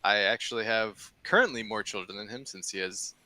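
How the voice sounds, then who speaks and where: Bright, teasing man in his thirties. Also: on the low side, brisk, no echo. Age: 30s. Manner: jokey, teasing. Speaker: podcast co-host. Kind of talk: casual chat.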